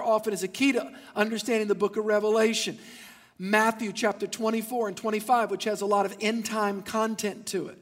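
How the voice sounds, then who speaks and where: High-voiced preaching man. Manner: animated storytelling with acted-out voices. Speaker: pastor. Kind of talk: sermon. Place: church. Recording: long church hall reverb.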